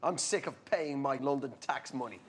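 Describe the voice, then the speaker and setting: A man's voice: medium pitch, moderate pace, a little hiss or hum. An Irish man on a comedy panel, teasing and sardonic in his banter.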